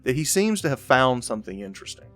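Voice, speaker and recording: A man narrating as game master of a tabletop game, in a halting way with frequent restarts. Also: medium pitch, very animated, soft background music. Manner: halting, with many fillers and restarts.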